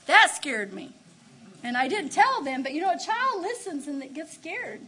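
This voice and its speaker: An older woman preacher telling a personal testimony, moving from hushed storytelling to loud exclamations of praise. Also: sits high, big pitch swings, normal speed. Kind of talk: Pentecostal-style testimony sermon.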